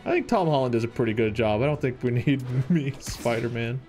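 A man's voice: medium pitch, quick pace, darkish tone, soft background music. A man from Ohio streaming a game, chatting casually and reading out viewer messages. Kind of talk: casual live-stream chat.

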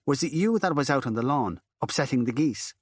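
A stern, suspicious nun questions a visitor curtly in a lifted voice, as a male narrator puts her on. Her lines are clipped and sharp, set in a dry, close reading. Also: fairly high pitch, animated, brisk, no room sound, pitched above the performer's own voice. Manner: curt, questioning.

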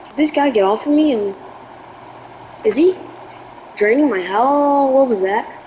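A woman's voice: high-pitched, unhurried, dark tone, a little hiss or hum, rough recording. A woman giving live gameplay commentary, jumpy and easily spooked, yelping in panic. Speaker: gaming video creator.

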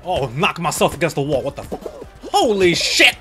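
A young man commentating his own gameplay, excitable, cursing and often yelling at the game. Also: fairly high pitch, a little fast, over music. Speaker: gaming YouTuber. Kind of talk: excited let's-play commentary.

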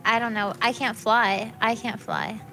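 High-voiced playful young woman gaming. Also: fairly even intonation, measured pace, bright, forceful tone, low-quality recording. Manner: playful, chatty, giggly. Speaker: co-player on a stream. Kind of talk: casual gaming chat. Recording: game music behind.

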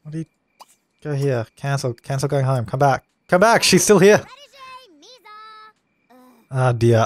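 A man's voice: medium pitch, animated, unhurried, long pauses. A young man casually commenting on a life-sim game while he plays, chatty and easily exasperated, laughing at its mishaps. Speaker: let's play gamer.

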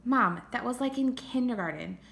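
A woman's voice: fairly high pitch, expressive, normal speed, gravelly, a bit bright, pitched above the performer's own voice. A woman playing a blunt, exasperated schoolboy. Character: middle-school boy, blunt and dismissive. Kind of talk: audiobook character reading.

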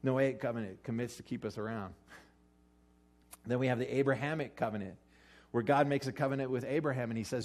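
A man preaching a casual, joking sermon, acting out quotes with sudden jumps in pitch. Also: brisk, a little mellow. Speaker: pastor. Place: church or hall with an audience eating lunch.

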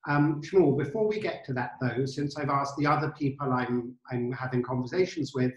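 Host with an echoey voice on a video call. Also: male voice, mid-range voice, moderate pace, muffled recording. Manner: friendly, with some stammered restarts. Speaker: interview host. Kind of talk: conversational interview over video call. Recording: roomy video call audio.

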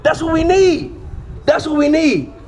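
A man with a strikingly high voice preaches outdoors, leaning hard on rhetorical questions and drawing answers back from his listeners. His delivery is emphatic and insistent. Faint street ambience hums behind him. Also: unhurried, a little mellow, slight background noise.

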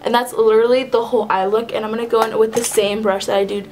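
A woman's voice: on the high side, level tone, fast, a little mellow, rough recording. A young woman talking through a casual makeup tutorial in a chatty way, often stopping to correct herself mid-phrase. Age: young adult. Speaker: beauty vlogger.

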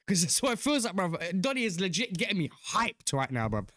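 Young British man, reaction host, hyped and slangy, high bright voice that leaps around a lot. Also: very animated, fairly quick, dry recording, studio quality. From United Kingdom. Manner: hyped, slangy, full of cheers. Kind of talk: excited casual commentary.

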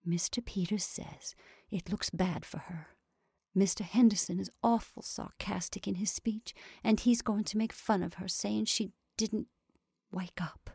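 A woman voicing a nervous, timid sheriff's wife who speaks in a hushed, shrinking whisper. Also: medium pitch, fairly even intonation, measured pace, husky, big-room sound. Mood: hushed, uneasy. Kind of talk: reading a short story aloud.

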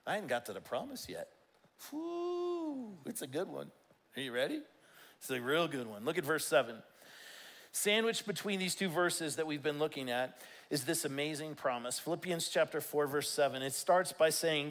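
A man's voice: fairly high pitch, animated, moderate pace, fairly bright tone, rough recording. A male pastor preaching a sermon in a church, emphatic and calling out to his congregation.

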